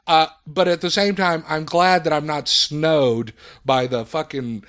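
A man co-hosting a film podcast who rants in an animated way, swears often and acts out other people's lines. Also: fairly high pitch, unhurried, clear, resonant tone. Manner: animated ranting, swears a lot, acts out quotes. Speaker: podcast co-host. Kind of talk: casual film review chat.

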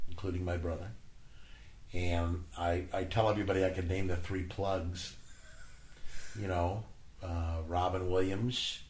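A man with a fairly low voice tells animated stories in an interview, bursting into laughter and slipping into other people's voices. The room is echoey, with a faint hiss behind him. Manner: animated storyteller, laughs often, acts out voices. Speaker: guest. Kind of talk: anecdotal interview talk.

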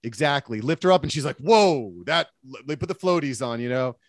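A man's voice: mid-range voice, lively intonation, fairly quick, no room sound, studio quality. A man in his late thirties telling stories in a casual chat, in an easygoing way with many fillers. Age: late 30s. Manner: easygoing storyteller, lots of fillers. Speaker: podcast guest.

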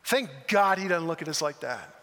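Pastor, man, earnest emphatic sermon delivery, bright tone, long hall reverb. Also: on the high side, expressive, normal speed. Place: church hall.

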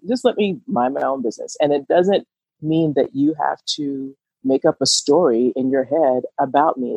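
A woman's voice: low-pitched, creaky, darkish tone, slightly rough, no echo. A woman in casual conversation, talking in a thoughtful, reflective way and laughing often. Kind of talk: casual chat. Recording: dull lo-fi dry sound.

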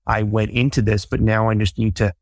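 A man hosting a podcast interview, talking in a reflective, measured way and openly about himself. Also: lowish voice, level tone, darkish tone, dry recording, clean studio sound. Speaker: podcast host.

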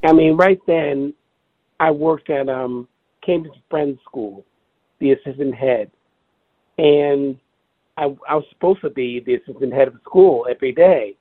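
Man talking haltingly over a phone line. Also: fairly high pitch, dry recording. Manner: halting, hunts for words, repeats himself. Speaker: interview guest. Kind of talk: personal recollection over the phone. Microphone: telephone.

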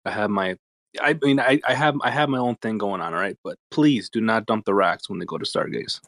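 A man's voice: on the low side, brisk, fairly bright tone, no room sound. Give me a joking, foul-mouthed male host in a casual chat, with a dry, close sound. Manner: joking, swears freely. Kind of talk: casual chat in an online audio room.

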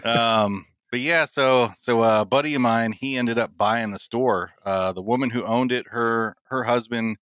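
A man chatting as a podcast guest, telling stories in a relaxed way with frequent laughs. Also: medium pitch, unhurried, few pauses, no echo, dull audio. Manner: storytelling, laughs often, relaxed. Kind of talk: casual chat.

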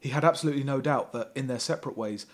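A man's voice: mid-range voice, rapid-fire. A man hosting a podcast who reads a thriller novel aloud with heavy sarcasm, laughing often and breaking off to mock the text. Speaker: podcast host. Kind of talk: comic reading of a thriller novel.

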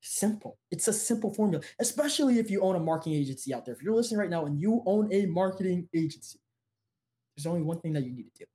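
A young man from New Jersey, a podcast guest telling stories and pitching business tips with energy. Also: fast talker. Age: young adult. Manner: energetic storyteller, pitching to listeners. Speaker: interview guest, business owner. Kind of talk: casual interview storytelling.

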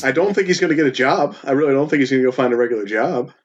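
A man joining a casual podcast as a guest, wisecracking and quick to laugh. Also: medium pitch, lo-fi sound. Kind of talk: casual chat.

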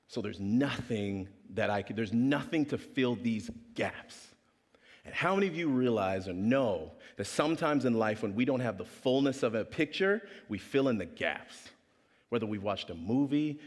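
Male pastor, lively storytelling sermon, swooping voice, acts out characters, long hall reverb. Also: fairly low pitch. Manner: animated storyteller acting out voices.

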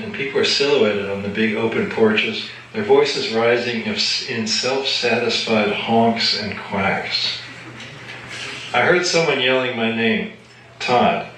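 Brief: author reading his novel live, plain mid-pitched man's voice, echoey room heard from afar, faint noise. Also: pushed and bright, recorded from a distance. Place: live reading at an evening gathering.

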